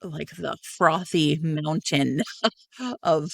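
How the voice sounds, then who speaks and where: A woman co-hosting a podcast in casual chat, animated and swearing freely. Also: sits low, drawn-out words, gravelly, dry recording, studio quality. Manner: animated, swearing, exaggerated quoting. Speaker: podcast co-host.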